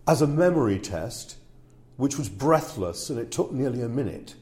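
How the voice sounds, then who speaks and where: A man's voice: medium pitch, expressive, moderate pace, darkish tone. A man working as a speaker agent, talking casually in an interview and checking in with "yeah?" between fillers.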